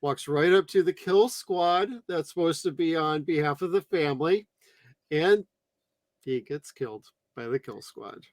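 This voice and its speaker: A man's voice: fairly high pitch, a little slow, no room sound. Giggly, crude man with a dry close sound. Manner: crude, giggly, acts out characters' lines. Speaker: podcast co-host. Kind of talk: casual movie review chat.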